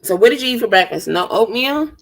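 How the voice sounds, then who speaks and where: A sassy woman in her thirties, teasing and quick to banter. Her voice sits a little high and rings bright and forceful. She talks in a loose, casual chat style. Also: animated, rough recording. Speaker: chat partner.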